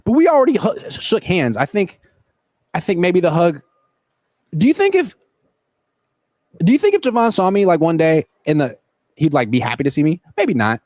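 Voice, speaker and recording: Animated joking man on a livestream. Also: on the high side, brisk, no room sound. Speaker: sports reporter and host. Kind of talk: casual livestream chat answering viewer questions. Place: at a football stadium. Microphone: laptop built-in camera mic.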